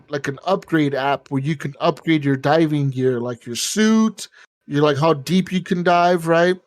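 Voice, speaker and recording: A man co-hosting a gaming podcast, chatting casually and rambling with lots of swearing, quickly acting out characters in asides. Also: a little high. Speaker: podcast co-host. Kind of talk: casual chat.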